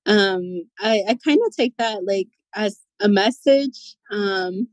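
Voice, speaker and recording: A woman asking a question hesitantly, with many pauses and ums. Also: mid-range voice, no echo, poor audio.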